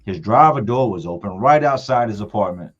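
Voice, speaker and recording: A man in his forties, hosting a livestream, telling a personal story in a casual, emphatic, animated way. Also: lowish voice, fairly quick. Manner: emphatic, animated retelling with colloquial speech. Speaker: livestream host. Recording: muffled audio with faint music.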